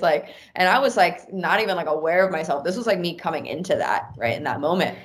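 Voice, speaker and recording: A woman's voice: fairly low pitch, quick pace, hardly any pauses. A woman telling a personal story in a casual podcast chat, with many "like" fillers. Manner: animated, talks with many "like" fillers.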